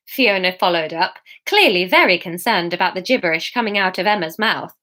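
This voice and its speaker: A woman reading her own novel aloud as a serial, expressive and self-mocking. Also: fairly low pitch, moderate pace, hardly any pauses.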